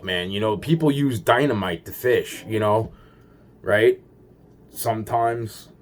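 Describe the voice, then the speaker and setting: A man's voice: lowish voice, a little mellow. A man rambling through a paranoid personal story, swearing constantly and restarting his sentences.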